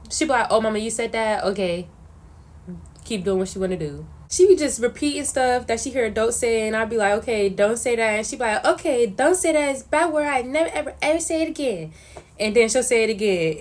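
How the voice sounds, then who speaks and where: Animated young woman chatting casually. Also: a little high, a little hiss or hum. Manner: animated, slangy storytelling. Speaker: vlogger answering questions. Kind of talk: casual chat.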